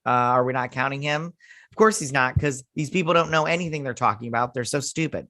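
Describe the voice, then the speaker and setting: A man's voice: medium pitch, quick pace, sharp tone, dry recording, studio quality. A man hosting a casual review of a TV episode, ranting sarcastically and swearing. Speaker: host.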